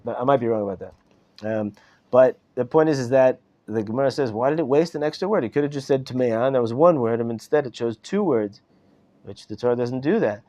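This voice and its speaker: A middle-aged rabbi with a warm, medium-pitched voice speaks briskly while leading a relaxed Torah class. Set in a study hall classroom, he repeats himself and often checks in with "right?" The live class audio is dull.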